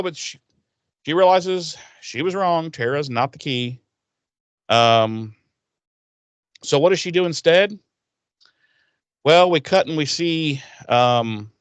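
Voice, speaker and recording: A man's voice: medium pitch, clear, resonant tone, dry recording. A man co-hosting a podcast, recapping a TV episode in casual, profane chat and acting out the characters' lines. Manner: animated, swears a lot, acts out characters' lines.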